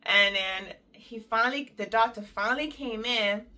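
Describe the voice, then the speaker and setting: A young woman tells a long personal story in a relaxed, chatty way, heavy on detail and small fillers. When she quotes people she leaps up in pitch and acts the lines out. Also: normal speed. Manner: animated, acts out quoted voices with big pitch jumps.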